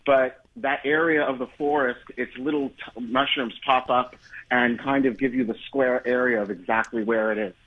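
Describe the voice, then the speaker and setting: Husky male radio caller on phone. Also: medium pitch, steady tone, moderate pace, phone-quality sound. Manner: explains facts steadily, with fillers. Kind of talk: phone-in chat.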